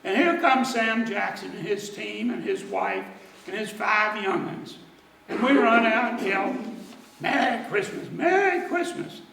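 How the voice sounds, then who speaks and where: A man telling a folksy story in dialect at a church service, animated and lively. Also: high-pitched, measured pace, creaky, echoey room, far from the mic, poor audio. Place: church sanctuary.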